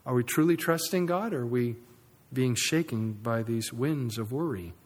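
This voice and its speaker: A man preaching a sermon in a church sanctuary, swinging between loud emphasis and quiet asides. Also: mid-range voice, normal speed. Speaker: pastor. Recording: long reverb of a large sanctuary.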